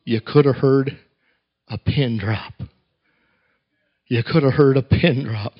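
A man preaching a sermon, telling stories with dramatic pauses and reading scripture with rising emphasis. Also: mid-range voice. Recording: dull lo-fi sermon recording.

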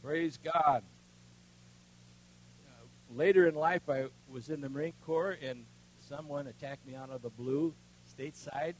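An older man preaching a sermon, with a voice pitched a little high for a man. He tells his story in a folksy way, sinking quiet and then swelling loud. A faint hum runs under the recording. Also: measured pace, poor audio. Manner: folksy storytelling with strong swings between hushed and loud. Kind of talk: sermon with personal testimony.

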